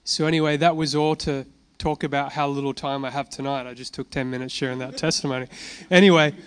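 A man's voice: medium pitch, quick pace, clear, resonant tone. A man preaching a sermon, telling a healing testimony with casual asides and laughter. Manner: animated storytelling, casual asides.

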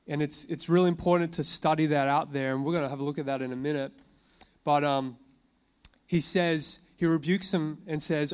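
A man preaching to a congregation, reading scripture slowly and then explaining it in a relaxed conversational way, with fillers and questions to the room. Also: on the high side. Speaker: pastor. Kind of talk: sermon. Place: church gathering addressing a congregation.

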